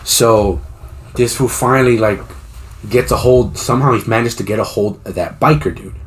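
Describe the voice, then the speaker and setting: A man's voice: mid-range voice, normal speed. A man co-hosting a podcast, retelling a story in a loose, rambling, profane way with frequent restarts. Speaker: podcast co-host. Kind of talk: casual storytelling chat.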